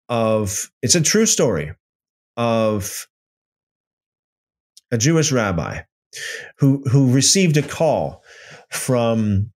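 A man hosting a livestream, telling a story loosely with many restarts and then reading out viewer comments. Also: fairly low pitch. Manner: reads out and answers live chat comments. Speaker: livestream host. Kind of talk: casual livestream teaching.

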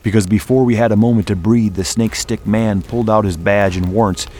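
Low-voiced man narrating a dramatic story. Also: steady tone, darkish tone. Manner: measured and dramatic. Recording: music playing underneath. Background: music.

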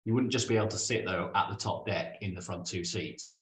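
A man's voice: deep voice, brisk, fairly bright tone, roomy sound, slight background noise. A man co-hosting a legal podcast, teasing his co-host in a dry, playful way. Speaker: podcast co-host discussing employment law cases. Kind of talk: casual legal podcast banter.

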